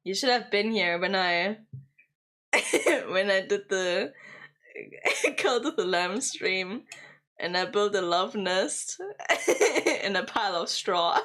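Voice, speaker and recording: A woman's voice: mid-range voice, slow, long pauses, fairly bright tone. A young woman, chatting casually and playfully with her stream viewers and giggling often. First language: German.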